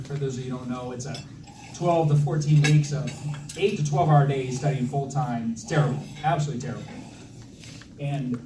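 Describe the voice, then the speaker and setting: This wedding toast comes from a thirty-something man with a mid-range voice, speaking for his brother in a reception hall. His humor is self-deprecating and his delivery full of fillers and false starts, recorded distantly in an echoey space with a loud crowd and background noise.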